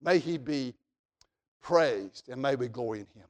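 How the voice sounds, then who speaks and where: A man preaching a sermon as pastor, swinging between fervent rising appeals and soft, low prayer. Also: lively intonation, a little slow. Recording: long hall reverb.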